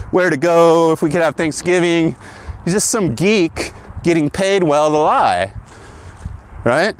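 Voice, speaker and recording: A man hosting his own show, ranting in a monologue and tagging his lines with "right?". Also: fairly high pitch. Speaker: podcast host.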